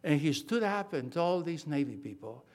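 An older man with a high-pitched voice delivers a sermon. He preaches with emphasis, hammers home key phrases, and often stops to restart his sentences. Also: animated, moderate pace, darkish tone.

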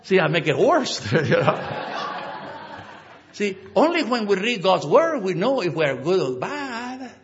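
A male pastor preaching a sermon, emphatic and animated, acting out little conversations as he goes. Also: high voice, measured pace, lo-fi sound, a faint crowd. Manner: animated, emphatic, acts out dialogues.

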